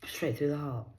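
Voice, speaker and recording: Woman vlogging solo, rambling and foul-mouthed, dropping to whispers then flaring loud. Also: extremely low pitch, low-quality recording. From Cornwall, England. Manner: profane, rambling, veers between hushed whispers and loud outbursts. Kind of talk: rambling solo monologue to camera.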